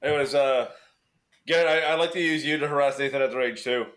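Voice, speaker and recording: A man's voice: mid-range voice, fast, a bit bright. Guy chatting on a podcast, rambly, likes teasing. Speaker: podcast guest. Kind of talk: casual chat.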